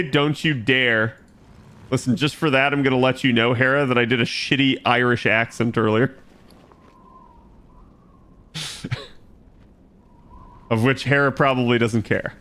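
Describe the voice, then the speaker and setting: A man's voice: mid-range voice, unhurried, long pauses, sharp tone. A man streaming himself playing an online game, chatting loosely with his viewers. He rambles, corrects himself and swears casually. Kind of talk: casual live-stream gaming chat.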